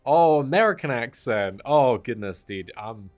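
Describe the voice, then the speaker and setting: Over soft music, this man comments casually on the game he's streaming, in an expressive mid-range voice with a darkish tone and a measured pace. He's talkative, pokes fun at himself, and leans on "mate" and "dude."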